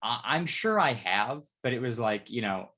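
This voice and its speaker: A young man and podcast co-host telling a rambling, profanity-laced story in casual chat, his retelling getting animated. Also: medium pitch, normal speed. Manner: rambling storytelling, heavy swearing, lively retelling.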